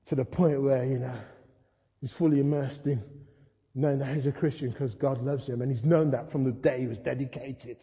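An older man preaching a sermon, telling stories with humor and lively asides. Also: medium pitch, moderate pace. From England. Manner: storytelling, humorous, animated asides. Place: church hall. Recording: muffled sound in a reverberant hall.

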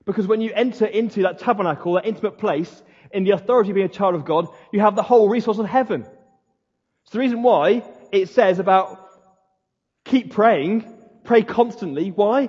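A man preaches with fiery, emphatic passion, his voice pitched high and a little husky. He delivers a sermon as a pastor, leaning into dramatic pauses. The sound is dull and lo-fi, with long reverb from a large hall. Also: darkish tone.

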